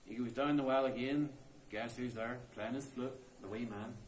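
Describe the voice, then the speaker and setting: A man's voice: mid-range voice, fairly even intonation, normal speed, slight background noise. A man telling a folk tale in a chatty, unscripted way, inside a stone cave tomb. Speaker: storyteller. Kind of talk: oral folk storytelling. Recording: roomy cave echo.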